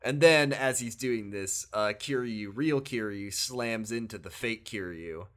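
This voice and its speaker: A man on the low side of the pitch range speaks a little slowly as he recaps a video game in casual podcast chat. The co-host is animated, frequently laughing and acting out the characters' quotes.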